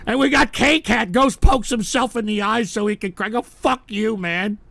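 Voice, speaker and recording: A man hosting a live call-in stream, ranting and shouting with profanity, choked up and tearful. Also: high voice, normal speed, gravelly, hardly any pauses, dry recording. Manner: shouting, profane, whiny and fed up.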